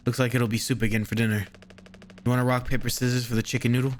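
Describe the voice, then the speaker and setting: A man's voice: medium pitch, little pitch movement, fast talker, a little hiss or hum, close to an everyday voice. A man voicing an easygoing young male crewman in a game, talking in a laid-back, slangy way. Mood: chatty.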